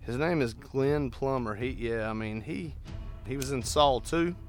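A man's voice: medium pitch, measured pace, faint music behind. A man co-hosting a podcast, swearing freely as he retells a movie plot in casual chat. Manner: profane, keeps retelling the plot. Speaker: podcast co-host.

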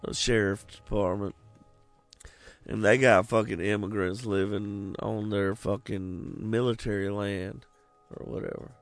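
A man's voice: lowish voice, fairly even intonation, measured pace, no room sound, soft background music. A man in casual movie chat, rambling and profane, slipping into goofy voices as he retells scenes.

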